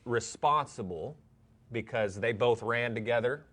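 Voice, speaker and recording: A man co-hosts a live-streamed recovery talk show in casual live-stream chat, sounding friendly and loose. His voice is mid-range and fairly bright, his pace unhurried, and he often repeats words as he talks.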